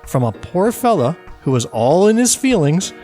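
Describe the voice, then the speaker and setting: A man's voice: high-pitched, big pitch swings, normal speed, mellow, faint music behind. Wry man co-hosting a chat show. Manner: wry, storytelling. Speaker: podcast co-host. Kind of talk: casual chat.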